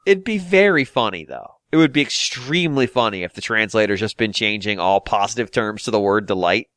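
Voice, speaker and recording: A man hosting a podcast, chatting casually with quick jokes and asides. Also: on the low side, dry recording, studio quality. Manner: animated, jokey, quick asides and impressions. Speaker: podcast host. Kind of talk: casual comedic podcast chat.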